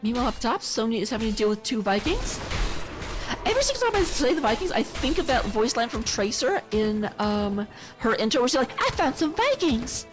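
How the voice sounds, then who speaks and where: Fast-talking woman casting a live match. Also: a little high, very animated, music in the background. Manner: chatty, self-deprecating asides. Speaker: esports caster. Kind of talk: live play-by-play commentary.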